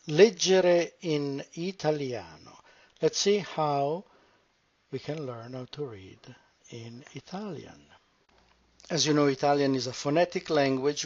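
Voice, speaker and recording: Slow, careful male language teacher. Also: fairly high pitch, fairly bright tone. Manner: careful, repeats words slowly to model sounds. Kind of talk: slow, deliberate pronunciation lesson. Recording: dull lo-fi recording.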